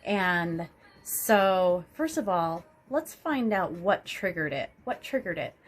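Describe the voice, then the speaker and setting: A woman's voice: lowish voice, slow pace. A woman vlogger talking through a self-help idea in a rambling, casual monologue, often restarting her sentences and acting out everyday stories. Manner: rambling, many restarts and fillers; animated storytelling.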